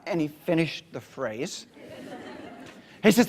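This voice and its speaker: A man giving a storytelling keynote to a conference audience, dramatic, swinging from whispers to loud bursts. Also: a little high, big pitch swings, measured pace, husky, long reverb tail. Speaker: motivational keynote speaker.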